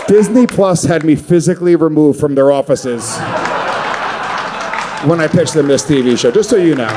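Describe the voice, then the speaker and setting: A man in his thirties works through a stand-up comedy set on stage. He is crude and profane and rambles from one bit to the next, throwing in quick asides as he goes. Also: on the high side, a crowd in the background, background noise.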